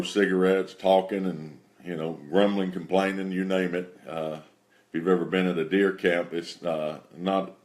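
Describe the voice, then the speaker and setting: Man, very low voice, folksy testimony storytelling, relaxed, lots of fillers. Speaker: host telling testimony stories.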